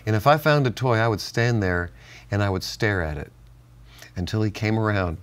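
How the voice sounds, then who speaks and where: A man's voice: lowish voice, normal speed. An older man co-hosting a Bible-teaching chat, telling stories and laughing often. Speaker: co-host.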